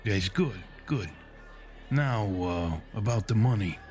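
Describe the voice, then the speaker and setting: A man's voice: on the low side, lively intonation, slow, a little mellow, faint music behind. A man voicing a nervous, sweaty middle-aged bar owner who stammers with many hesitations. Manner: hesitant, full of "uh"s.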